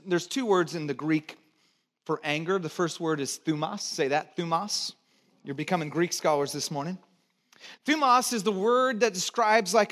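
High-voiced pastor preaching to his congregation. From United States. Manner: conversational preacher, asks the congregation to repeat words, joking asides; swings between loud emphatic lines and low quiet ones. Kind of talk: sermon.

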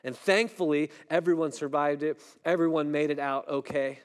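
A middle-aged man preaching a sermon in a conversational way, often asking "right?" and dropping his voice low and soft when a story turns tense. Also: steady tone, moderate pace. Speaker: pastor.

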